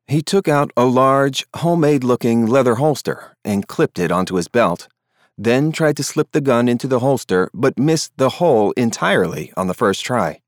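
A man narrates a scripted audiobook in an even, measured storytelling style. His voice sits in the mid-range, recorded dry with studio quality.

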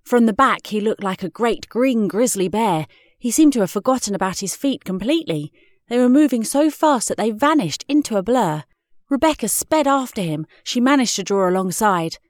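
A woman reading children's stories aloud in an expressive, measured way. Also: fairly high pitch, dry recording, clean studio sound. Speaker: storyteller. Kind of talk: storybook reading.

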